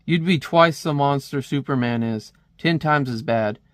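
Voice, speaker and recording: A man reading the lines of a grim, vengeful male vigilante from a comic, in a cold, measured, threatening way. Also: medium pitch, no echo, clean studio sound, lightly acted.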